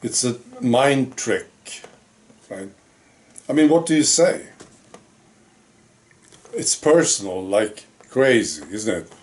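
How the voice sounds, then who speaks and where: A man with a mid-range voice talks slowly and expressively, leaving long pauses as he reflects aloud. On his own channel, he delivers a musing monologue to camera, full of rhetorical questions.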